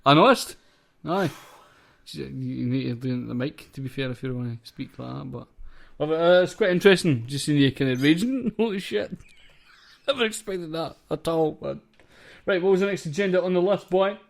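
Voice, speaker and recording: A man's voice: a little high, moderate pace, vocal fry. A young Scottish man co-hosting a casual podcast, laid-back and agreeable, saying "aye" often. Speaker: podcast co-host. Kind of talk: casual chat.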